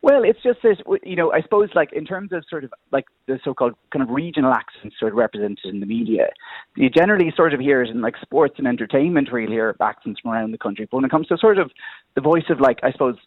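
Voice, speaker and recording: A man's voice: medium pitch, lively intonation, quick pace, husky, no echo. An Irish man calling a radio phone-in, talking in a hedging way with many "sort of" fillers. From Ireland. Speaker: radio caller. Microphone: telephone line. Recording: tinny phone line, dry.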